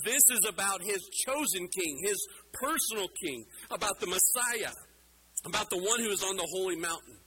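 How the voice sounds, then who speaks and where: Middle-aged male pastor, higher-pitched, preaches emphatically over a noisy room. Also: lively intonation, moderate pace. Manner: emphatic, rhetorical questions, shifts loud and soft. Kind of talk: sermon.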